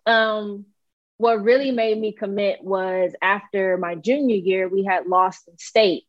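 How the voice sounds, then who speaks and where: A young woman tells a story in an easygoing, rambling way, full of fillers, and she acts out the voices of the people in it. She speaks at a middle pitch. The sound is dry and a little dull. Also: unhurried, no room sound. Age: young adult. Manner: relaxed, filler-heavy, acts out quoted dialogue. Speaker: college basketball player. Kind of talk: casual interview storytelling.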